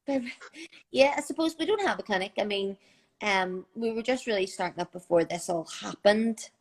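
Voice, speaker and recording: A woman's voice: mid-range voice, moderate pace. A young woman with a Northern Irish accent, chatting casually as a guest on a live video call from home, with lots of fillers. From Northern Ireland.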